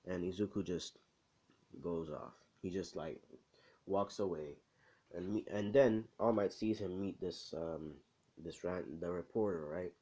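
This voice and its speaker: Deep-voiced young man rambling a fan story. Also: unhurried, mellow. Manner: rambling, profane, full of fillers. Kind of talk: casual fan-story retelling.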